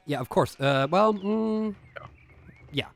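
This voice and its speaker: A man's voice: high-pitched, animated, slow, gravelly, voice pushed up, full character voice. A man voicing a polite, hesitant young journeyman artist in a live voice-over of game dialogue. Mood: deferential.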